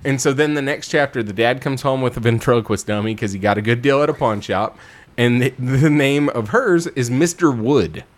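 A man retelling a book in casual chat, animated and profane, laughing often. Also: mid-range voice, moderate pace.

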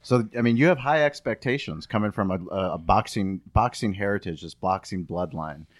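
A man hosting a casual podcast interview, chiming in quickly and laughing easily. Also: lowish voice. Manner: lively, laughs easily, chimes in. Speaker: podcast host.

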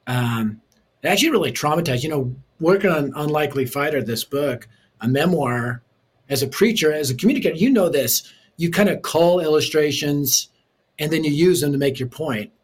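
A man in an interview, telling his life story in an animated, storytelling way. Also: fairly high pitch, moderate pace, husky. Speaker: ministry leader and author.

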